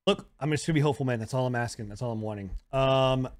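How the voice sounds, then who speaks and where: A man hosting a gaming podcast, steering the talk in a loose, casual way. He hesitates often and fills gaps with ums, at a middle pitch. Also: racing. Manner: hesitant, many ums, leads the segments. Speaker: podcast host. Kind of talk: casual chat.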